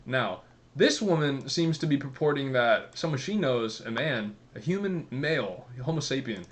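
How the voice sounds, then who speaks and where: Man ranting sarcastically, profane, mid-pitch. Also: a bit bright. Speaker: commentary vlogger. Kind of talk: casual ranting commentary.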